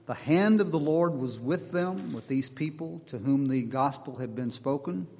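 Slow, emphatic preacher in an echoing hall. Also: male voice, mid-range voice. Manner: slow, deliberate delivery with emphatic repetition. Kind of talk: sermon. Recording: long hall reverb.

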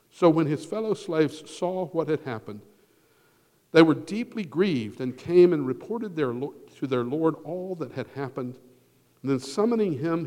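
Guy preaching, slightly high voice, gets loud then real quiet, echoey church hall. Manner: earnest preaching, swells loud then drops to near whisper. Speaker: pastor. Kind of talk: sermon. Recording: long hall reverb.

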